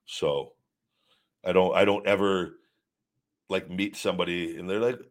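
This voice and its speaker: A man with a somewhat low voice hosts a casual live stream. He reads viewer questions aloud and answers them in a candid, rambling way. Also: fairly even intonation, unhurried. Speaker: host of a live show answering viewer chat.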